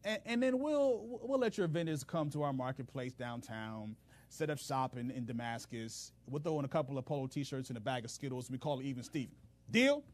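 A man voicing a cocky, smooth-talking enemy king who bargains in casual street slang. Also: mid-range voice, lively intonation, brisk, natural voice. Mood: smooth bargaining.

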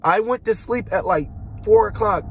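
A man's voice: sits high, moderate pace, a little hiss or hum. A young man giving an emotional personal testimony in a colloquial, dramatic way, with spoken sound effects. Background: instrumental music.

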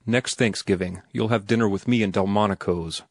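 A man's voice: fairly low pitch, moderate pace, slightly rough, dry recording, clean studio sound. A man voicing an earnest, headstrong young male writer in an audiobook, blunt and insistent. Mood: confident. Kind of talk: audiobook character reading.

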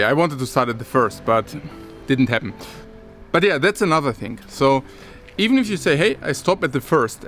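A man's voice: medium pitch, fairly bright tone. A man talking casually to his viewers as a vlogger, rambling and restarting his sentences, with occasional chuckles. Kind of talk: casual talk to camera.

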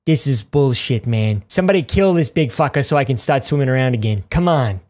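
A man voicing a fed-up male great white shark in a game, complaining in a low, drawn-out voice. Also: lively intonation, darkish tone, natural voice.

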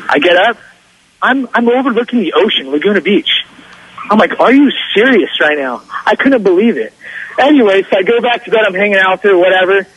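A young man calling a radio show who tells a story in a boastful, excitable, slangy way over the phone. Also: high-pitched, slightly rough, low-quality recording. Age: young adult. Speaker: caller. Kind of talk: casual storytelling on a call-in show.

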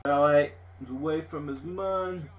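A young Scottish man giving live, sweary gameplay commentary as a gaming video host, rowdy and excitable like a football fan. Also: fairly high pitch, moderate pace.

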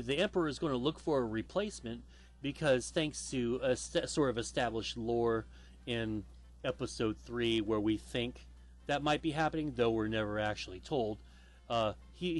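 A man hosting a casual podcast chat, rambling with lots of fillers and the odd swear word. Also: mid-range voice. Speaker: podcast host.

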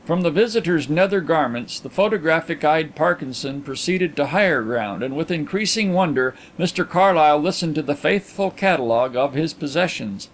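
A man reads a classic detective story aloud in scripted narration. His natural voice sits fairly high, but he keeps the narration even and a little lowered. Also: normal speed, few pauses, a little hiss or hum. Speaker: audiobook narrator.

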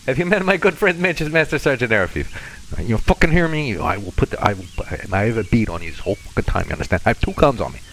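A swaggering, threatening stalker voiced by a man who bosses his hostages around in a thick fake Russian accent. His pitch swings widely as he swears and menaces through the game role-play. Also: lively intonation, fast, a bit bright, poor audio.

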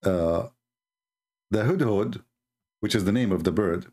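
A man from the Middle East with an Arabic accent, a native Arabic speaker, giving a sarcastic, animated commentary as a Christian apologist. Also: on the low side, unhurried. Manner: sarcastic, animated, laughs at his own points. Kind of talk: mocking commentary talk.

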